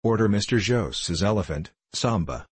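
A jovial old gentleman who teases without mercy, read by a man. The voice sits deep and a little husky, and the tone stays mocking and playful. It sounds close and dry. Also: animated, moderate pace, no room sound. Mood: teasing. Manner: boisterous, mocking.

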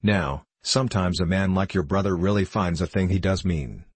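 A man's voice: deep voice, normal speed, darkish tone, husky, dry recording. A man voicing a passionate young male poet in an audiobook reading, speaking in a declamatory way. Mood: gentle. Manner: impassioned, declamatory.

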